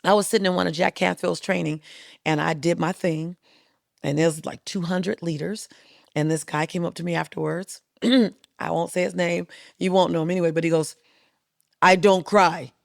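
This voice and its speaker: A woman speaker on a podcast as a guest, telling stories in an emphatic, rhythmic and animated way. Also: fairly low pitch, moderate pace, creaky, no room sound, clean studio sound. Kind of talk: storytelling interview talk. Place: podcast studio.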